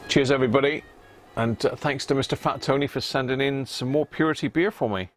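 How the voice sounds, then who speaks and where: With faint music playing behind him, a man streams live from his electronics workbench, fixing an old radio. Speaking fairly quickly in a steady, medium-pitched tone, he chats with viewers, replies to the live chat, and murmurs to himself as he checks parts.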